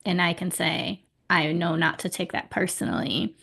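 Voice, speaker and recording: A woman's voice: fairly low pitch, moderate pace, vocal fry, sharp tone, husky. A woman life coach talking in an easygoing, conversational way, with frequent "like"s. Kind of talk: casual chat.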